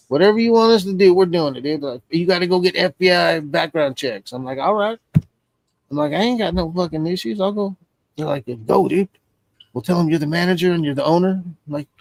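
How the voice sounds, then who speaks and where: A man's voice: fairly high pitch, no echo. A man hosting a stream, telling a long, rambling story in casual, profane chat and acting out the voices of the people in it. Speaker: stream host.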